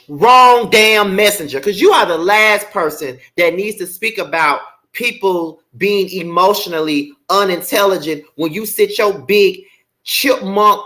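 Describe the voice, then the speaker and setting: A man's voice: high voice, bright, forceful tone. A man hosting a commentary vlog, talking bluntly and profanely in a ranting, heated way. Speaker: commentary channel host.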